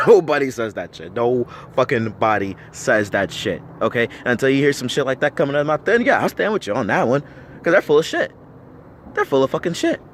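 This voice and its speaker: A man's voice: mid-range voice, lively intonation, brisk, slight background noise. An American man giving a blunt, heavily profane rant to camera, firing off rhetorical questions and repeating himself for emphasis. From United States. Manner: blunt, swears constantly, argumentative. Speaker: vlogger.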